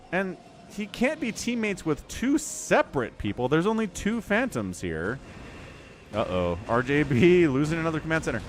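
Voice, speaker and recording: A man casting a strategy game on a live stream, chatty, laughing often and greeting viewers. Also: a little high. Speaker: game caster.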